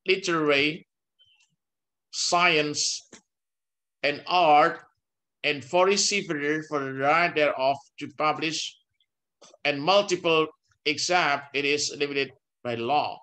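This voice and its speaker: An older man, a law professor giving a university lecture in English, slow and halting, with frequent pauses and restarts. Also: fairly high pitch, pushed and bright. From Indonesia. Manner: mixes in Dutch legal text.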